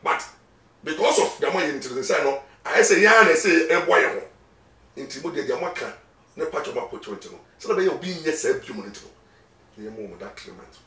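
Fairly high, bright, and forceful, this Ghanaian-accented lawyer's voice is expressive and brisk. As an interview guest he talks emphatically in a blend of Twi and English, repeating words, heard through a far-off mic in an echoey room.

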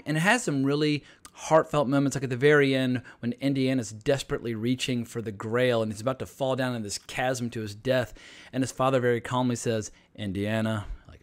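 Enthusiastic man gushing about films. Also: medium pitch. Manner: enthusiastic, gushing, conversational with fillers. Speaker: film reviewer and channel host. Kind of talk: casual film review monologue.

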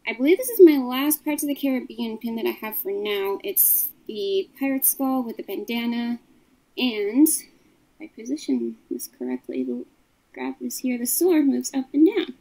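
A woman's voice: fairly high pitch, moderate pace, vocal fry, dark tone, slightly rough, rough recording. A woman casually showing her collection, describing each item in a matter-of-fact way. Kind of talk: casual show-and-tell of a collection.

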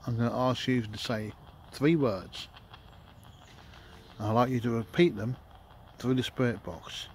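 A man running a ghost hunting session outdoors at night, talking slowly and calmly to coax spirits. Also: medium pitch. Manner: calm, coaxing, speaks slowly to spirits. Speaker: paranormal investigator. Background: faint noise of passing traffic.

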